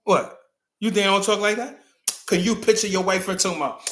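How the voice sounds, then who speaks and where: A man's voice: high-pitched, a little fast, bright, forceful tone, slight background noise. A man hosting a talk show, delivering a casual, rambling opinion monologue and acting out the people he quotes. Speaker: commentary show host.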